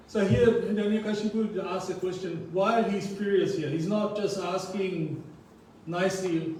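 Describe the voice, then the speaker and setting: A man's voice: high-pitched, steady tone, a little slow, darkish tone, slight background noise. A man giving a sermon at a temple, reading scripture aloud and then explaining it. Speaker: temple speaker. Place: temple hall. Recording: echoey temple hall, from far off.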